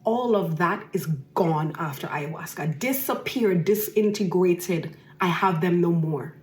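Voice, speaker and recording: A woman's voice: lowish voice, measured pace, roomy sound. A woman hosting a podcast, telling a personal story emphatically and repeating phrases for effect. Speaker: podcast host.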